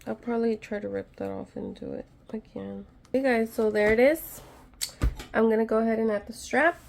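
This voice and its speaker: A woman with a fairly high, gravelly voice chats her way through a home craft fix. She talks straight to her viewers, nervous and self-deprecating as she works, with a faint hum of room noise behind her. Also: moderate pace, darkish tone. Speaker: craft vlogger. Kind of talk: casual DIY tutorial chat.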